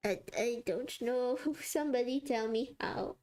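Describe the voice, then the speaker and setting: A woman's voice: a little high, measured pace, a little mellow, soft background music. A woman streaming live while she draws, chatting casually with viewers and laughing often. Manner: giggly and chatty, often laughing mid-sentence. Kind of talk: casual livestream chat.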